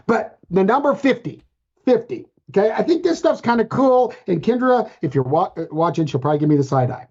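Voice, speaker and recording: A man's voice: high-pitched, darkish tone. A man co-hosting a podcast in casual chat, playful and joking, often restarting his sentences. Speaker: podcast co-host. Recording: dull lo-fi sound.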